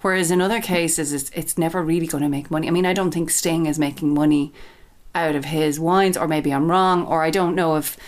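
A woman's voice: deep voice, steady tone, a little fast, few pauses. A woman who works in the wine business, co-hosting a podcast in a thoughtful, hesitant way with many restarts. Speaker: wine expert co-host. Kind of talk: casual chat.

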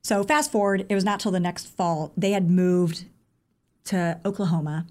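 A woman guest on a podcast, a running coach telling stories in a casual, animated way, filled with "like" and "I mean.". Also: on the low side. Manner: animated, acts out quoted dialogue; rapid, chatty with many fillers like "like" and "I mean". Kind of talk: casual interview storytelling.

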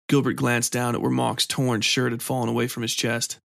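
A man's voice: mid-range voice, flat delivery, fairly quick, gravelly, hardly any pauses, a bit bright, dry recording. Man with a dry, close story narration. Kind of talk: scripted narration.

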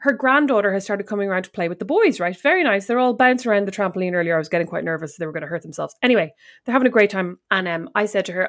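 Lively Irish woman, animated and mock-indignant. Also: medium pitch, rapid-fire. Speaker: podcast co-host. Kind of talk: casual chat.

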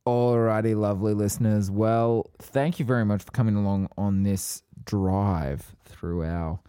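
A man's voice: on the low side, fairly even intonation, measured pace, mellow, clean tone, no echo, studio quality. A man co-hosting a casual podcast, teasing and playful in banter. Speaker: podcast co-host.

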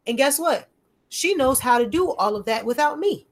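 A woman chatting casually about her kids. She tells it with lively energy, slangy and profane, and jumps between voices to act out both sides of a back-and-forth. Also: high voice, moderate pace. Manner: animated storytelling, acting out dialogue in shifting voices. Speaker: mother telling stories about her kids. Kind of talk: casual podcast chat.

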